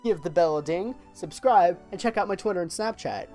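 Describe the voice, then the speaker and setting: A young man telling a story on his vlog, animated and profane, often repeating words as he gets excited. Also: high voice, fairly quick, soft background music. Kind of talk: casual storytime monologue.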